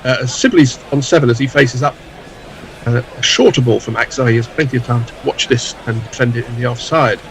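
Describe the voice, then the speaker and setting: A man's voice: mid-range voice, fairly quick, slight background noise, rough recording. A man calling live cricket ball by ball, with dry, wry asides between deliveries.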